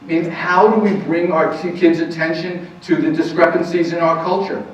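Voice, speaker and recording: A man's voice: on the high side, level tone, moderate pace. A man gives an earnest parenting talk as a counselor, stressing his points and asking rhetorical questions. He sounds far from the mic in a very reverberant room. The sound is muffled, with faint noise behind him. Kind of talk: lecture to a live audience. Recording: very echoey, distant, muffled room recording.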